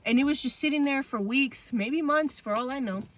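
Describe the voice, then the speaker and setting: A young adult woman hosts a podcast in a high-pitched, fairly bright voice at a moderate pace. She tells a childhood story in casual slang, chatty and heavy on "like" and "bro," acting out the quotes as she goes.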